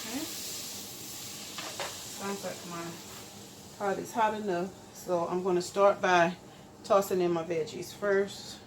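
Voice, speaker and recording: A middle-aged woman, chatting homey and relaxed to viewers as she cooks in her kitchen. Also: lowish voice, takes it slowly, long pauses, noisy background. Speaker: cooking channel host. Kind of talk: casual cooking vlog chat. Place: home kitchen.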